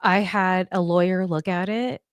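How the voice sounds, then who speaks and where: A woman, a pro wrestler guest, telling stories in casual chat, animated and openly emotional, speaking over a video-call stream. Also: lowish voice, measured pace, smooth, dry recording. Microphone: video call streaming setup.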